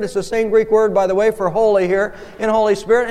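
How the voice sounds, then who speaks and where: A male pastor delivers a sermon in a high, lifted voice, climbing even higher as he presses his points. His words ring out with the long reverb of a church sanctuary. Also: a little fast, few pauses, clear, resonant tone. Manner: impassioned preaching, voice rising on key points.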